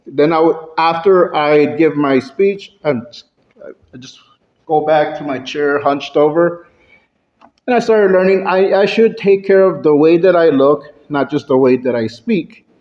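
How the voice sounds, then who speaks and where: A man delivering a prepared club speech, playing with his pitch and loudness for effect. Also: measured pace, highs cut off. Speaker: Toastmasters club speaker. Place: club meeting room.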